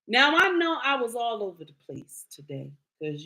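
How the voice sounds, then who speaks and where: With a slightly high, pushed, bright voice that swings widely in pitch, a middle-aged woman content creator talks at normal speed with hardly any pauses. In her livestream commentary rant she lectures and scolds viewers in a blunt, preachy way.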